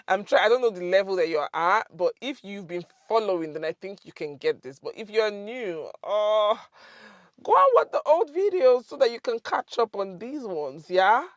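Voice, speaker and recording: A woman's voice: medium pitch, dry recording, clean studio sound. A young woman with a Nigerian accent hosts a casual language lesson, repeating phrases and laughing often. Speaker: language teacher, channel host.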